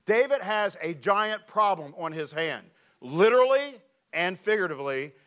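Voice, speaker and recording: High-voiced, animated preacher man. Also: moderate pace, smooth. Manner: animated, jokey storytelling. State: slightly weak voice. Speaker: pastor. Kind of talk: storytelling sermon with scripture reading.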